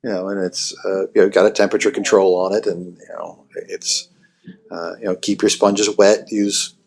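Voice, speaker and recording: A man's voice: deep voice, level tone, normal speed, vocal fry, a little mellow, breathy edge. A man talking casually about building and repairing guitar gear, with lots of "you know" fillers and restarts. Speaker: amp builder guest. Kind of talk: casual technical podcast chat.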